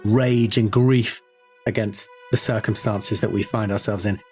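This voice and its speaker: A man playing a tabletop horror game, talking through his character's actions in a thoughtful, halting way. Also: on the low side, steady tone, darkish tone, soft background music. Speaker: player. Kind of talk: casual tabletop game play.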